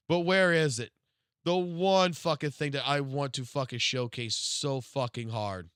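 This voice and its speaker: A male game streamer ranting live, his speech packed with profanity and swinging from low grumbles to loud, drawn-out exclamations. His voice sits a little high and sounds bright and forceful. The sound is dry and close, with no room around it. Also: clean tone, dry recording. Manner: profane, excitable, swings from mutters to loud outbursts. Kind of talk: live stream reaction rant.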